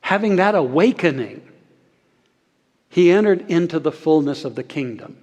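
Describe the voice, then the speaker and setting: A man preaching a sermon as pastor, earnest, slowing and softening on key phrases and leading the congregation in saying lines back. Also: fairly high pitch, expressive, highs cut off. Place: church sanctuary. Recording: long hall reverb.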